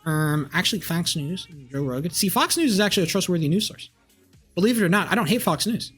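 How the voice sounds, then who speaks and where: A man's voice: sits high, expressive, quick pace, fairly bright tone, slightly rough, faint music behind. A man in his twenties, a streamer, ranting angrily at his live chat with lots of swearing and repetition. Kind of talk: heated rant to live chat.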